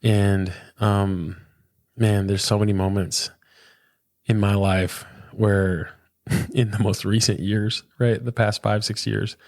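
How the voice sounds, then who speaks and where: A man's voice: lowish voice, flat delivery, slow pace, darkish tone, no room sound, studio quality. A man in his thirties, a pastor, talking earnestly and reflectively in a casual interview, often saying "man" and "dude". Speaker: pastor, podcast guest.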